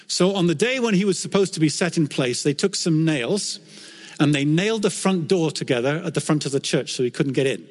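A man's voice: a little high, a little fast. Man preaching a sermon in a reverberant hall. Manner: storytelling, earnest and animated in quoted scripture. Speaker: pastor.

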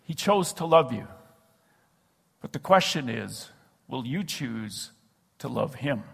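A male pastor preaches a sermon earnestly, slowing and dropping his voice on key phrases. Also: mid-range voice, animated, vocal fry, breathy edge, long reverb tail. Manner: earnest, slows and drops to a hush on key phrases. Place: church sanctuary.

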